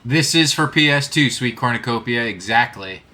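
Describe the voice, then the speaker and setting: A man's voice: medium pitch, animated, moderate pace, sharp tone. A man giving casual, self-deprecating commentary while streaming a video game and greeting his chat.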